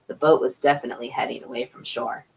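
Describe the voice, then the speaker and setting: A woman reading a novel aloud at an unhurried pace, lifting her voice for the characters. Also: extremely low pitch, steady tone, gravelly, breathy edge, low-quality recording. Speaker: audiobook reader.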